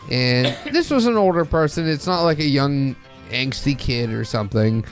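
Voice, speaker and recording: A man's voice: medium pitch, big pitch swings, moderate pace, hardly any pauses, soft background music. A man hosting a podcast, chatting casually in a rambling way with frequent restarts and swearing. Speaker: podcast host. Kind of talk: casual chat.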